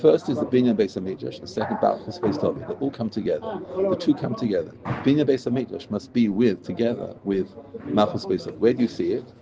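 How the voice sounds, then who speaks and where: A man's voice: lowish voice, animated, quick pace, vocal fry, dull audio, crowd noise. A man teaching a Torah class, translating prayer verses line by line with emphasis.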